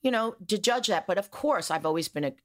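A woman's voice: mid-range voice, lively intonation, a little fast, a bit bright. A middle-aged woman guest speaking candidly, swearing freely as she tells stories in a casual interview.

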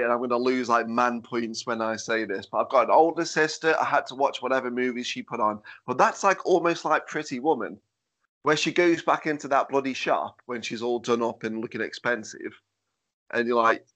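This podcast host is a man from Stoke-on-Trent with a mid-range, slightly bright voice and a moderate pace. He keeps the chat casual and jokey, laughing often and restarting his sentences.

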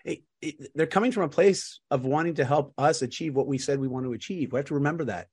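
A man, a guest coach, talking in an animated, upbeat way and laughing often in a casual interview. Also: on the high side, fast, husky. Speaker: guest, fitness and lifestyle coach. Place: home in Vancouver, remote call.

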